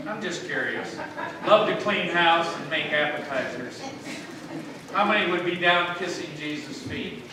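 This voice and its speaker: A man's voice: on the high side, lively intonation, measured pace, noisy background. A man preaching a sermon to his congregation in a chatty, joking way, often asking them questions. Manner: chatty, jokey, keeps quizzing the congregation. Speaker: pastor. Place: church sanctuary. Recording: very echoey church, mic at a distance.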